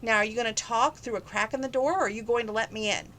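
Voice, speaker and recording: A woman's voice: on the high side, fast, fairly bright tone, lightly acted. A woman reading aloud, voicing an upbeat, persistent young woman with an insistent way of talking.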